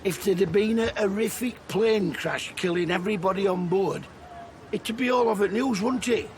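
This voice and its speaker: A loud-mouthed middle-aged dad with a broad Sheffield accent, played by a man. His voice sits high for a man, and he is blunt and crude, swearing without a thought. Faint room sound hangs behind him. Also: normal speed, a little hiss or hum, close to an everyday voice. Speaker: father. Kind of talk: sitcom acting.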